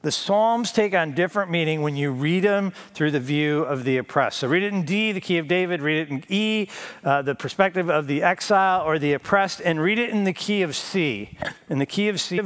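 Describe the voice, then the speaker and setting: A man's voice: high-pitched, moderate pace, a bit bright. A male pastor giving a conversational sermon with a self-deprecating sense of humor.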